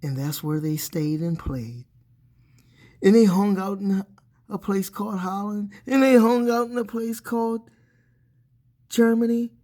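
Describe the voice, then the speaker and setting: Slow, playful children's storyteller, a man. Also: sits high. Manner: playful, expressive narration.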